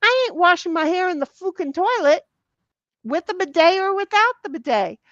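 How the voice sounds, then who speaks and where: A woman's voice: very high voice, big pitch swings, normal speed, a bit bright, no echo, lo-fi sound. A woman hosting a casual livestream, reading viewer comments aloud in a salty, giggly way and swearing freely. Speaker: livestream host.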